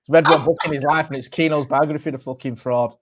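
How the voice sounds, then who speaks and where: A young English man co-hosting a podcast, trading quick, teasing, sweary banter. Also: a little high, steady tone, noisy background. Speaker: podcast co-host. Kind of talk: casual chat.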